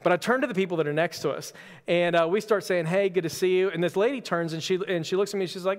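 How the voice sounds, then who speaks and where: Male pastor, conversational sermon, somewhat high voice, long hall echo. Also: fast talker. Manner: casual, storytelling, self-deprecating humor.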